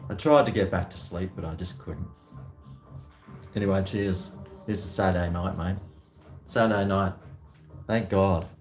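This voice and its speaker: A man's voice: low voice, normal speed, long pauses, soft background music. A man, hosting a casual home livestream, tired and rambling with many fillers and restarts. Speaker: livestream host. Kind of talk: casual livestream chat while drinking.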